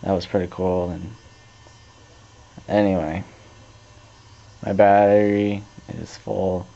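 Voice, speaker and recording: A teenage boy casually telling a story to his camera, rambling with restarts and growing animated as he retells it. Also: low-pitched, takes it slowly, creaky. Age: teens. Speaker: vlogger. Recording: dull lo-fi camcorder tape audio.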